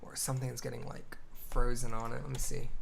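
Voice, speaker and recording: A man's voice: medium pitch, level tone, fairly quick, vocal fry, a little hiss or hum. A man streaming as a game developer, thinking aloud as he codes, muttering half-finished lines and cursing mildly at bugs. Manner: mutters code aloud, trailing off, mild cursing. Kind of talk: casual livestream, thinking aloud while coding.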